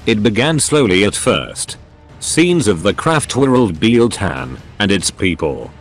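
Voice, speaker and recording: A synthetic male voice narrating a story in a steady reading manner. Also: on the low side, a little slow, faint music behind.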